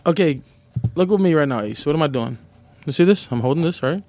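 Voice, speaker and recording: A man's voice: a little high, animated, brisk, darkish tone, no echo. A man hosting a podcast, bantering crudely and mockingly, laughing often. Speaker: podcast host.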